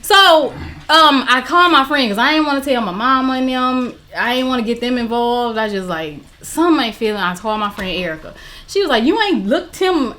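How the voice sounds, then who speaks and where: A woman telling a personal story on a casual podcast, animated, acting out the voices of the people she quotes. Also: on the high side, brisk.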